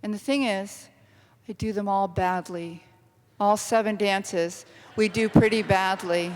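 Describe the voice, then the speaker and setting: A middle-aged woman author giving an animated, self-deprecating storytelling talk to a university audience. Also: mid-range voice, unhurried, long reverb tail. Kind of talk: lively storytelling lecture. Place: university lecture hall.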